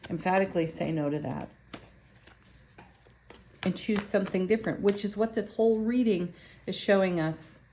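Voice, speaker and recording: A woman's voice: mid-range voice, normal speed, pauses often, a little mellow, a little hiss or hum. A woman reading tarot cards to her viewers in a casual, chatty, upbeat way. She laughs often and talks straight to her audience. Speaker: tarot reader.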